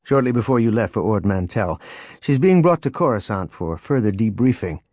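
A man voicing a calm male warrior-monk who speaks in a measured way. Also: lowish voice, no echo, clean studio sound.

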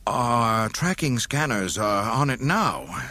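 A man's voice: mid-range voice, wildly swooping pitch, normal speed, sharp tone, husky, voice pushed up, full character voice. A man doing a nervous imperial admiral. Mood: fearful. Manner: nervous, reporting stiffly. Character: fearful middle-aged male imperial admiral.

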